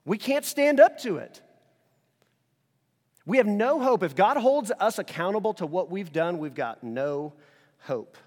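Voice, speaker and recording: Male pastor, conversational sermon delivery with loud peaks and hushed stretches; slightly higher pitch, recorded in a reverberant hall. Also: unhurried, pauses often. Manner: animated preaching, swings between loud emphasis and quiet intensity; casual conversational asides.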